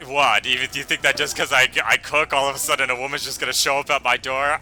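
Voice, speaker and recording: Bright, teasing male gamer. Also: mid-range voice, steady tone, fast, few pauses, soft background music. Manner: teasing, laughs a lot. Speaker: let's play host. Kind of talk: casual gaming chat.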